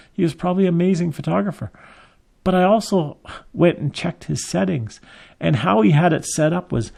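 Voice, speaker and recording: A man's voice: on the high side, vocal fry, darkish tone. A man running a photography business, telling a story as a lesson and acting out the quotes with big jumps in his voice. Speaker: photography shop owner and teacher.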